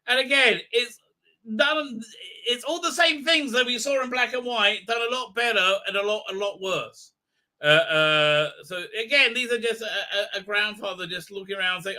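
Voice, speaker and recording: Excitable man with a bright, high voice. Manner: rambling and excitable, with many fillers and quick tangents. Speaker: livestream host. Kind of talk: casual movie recap commentary.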